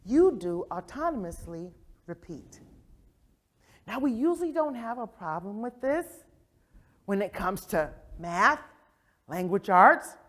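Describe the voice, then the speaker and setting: Speaking a bit slowly in a mid-range voice, a woman leads a lively professional development session for educators on early childhood education, held in a conference session room. She performs quoted voices and often asks "right?" to check in with the audience.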